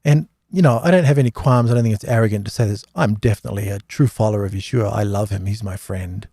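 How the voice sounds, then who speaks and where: A man's voice: lowish voice, quick pace, mellow, no room sound, studio quality. A middle-aged man hosting a live Q&A, telling rambling, anecdotal stories in a casual religious talk, full of fillers and restarts. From Australia. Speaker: host of a live Q&A.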